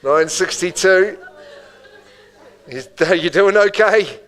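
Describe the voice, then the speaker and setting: A man's voice: high voice, slow pace, fairly bright tone, rough recording. A man with a New Zealand accent calling bids at a live property auction, with rhythmic bid calls and chatty asides to the room.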